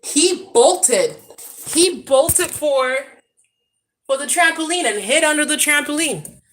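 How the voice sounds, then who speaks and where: A woman's voice: high-pitched, lively intonation, slow pace, a bit bright, a little hiss or hum. A woman in her thirties chatting casually on a live stream at home, talking to viewers and calling out to her kids in the backyard. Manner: chatty, scolding her kids between asides. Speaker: vlogger. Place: at home, outdoors near a backyard pool.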